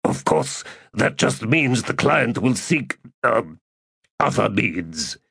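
A man's voice: medium pitch, very animated, slow, creaky, a bit bright, breathy edge, dry recording, voice pushed up, full character voice. A man voicing a cornered master assassin who answers back with dry wit, strained and gasping. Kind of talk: audiobook narration.

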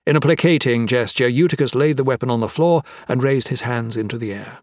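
A man narrating a fantasy novel as an audiobook in a measured, dramatic reading. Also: medium pitch, darkish tone, dry recording, clean studio sound.

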